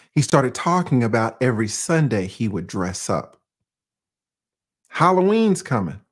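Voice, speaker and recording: A man from Atlanta, hosting a casual, profane livestream commentary, often laughing. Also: medium pitch. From Atlanta, USA. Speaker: YouTube commentary host.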